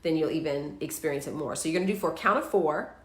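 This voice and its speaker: A woman's voice: low-pitched, fast talker, reverberant. A woman hosting a live wellness show, chatting upbeat and walking viewers through breathing exercises. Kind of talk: live-streamed instructional talk.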